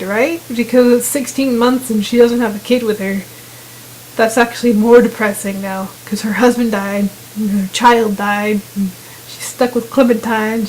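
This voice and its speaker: A woman casually narrating a video game, retelling scenes and quoting the characters in quick voices. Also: a little high, a little hiss or hum, low-quality recording. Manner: chatty retelling with quoted voices. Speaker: gamer narrating gameplay. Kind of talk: casual gameplay commentary.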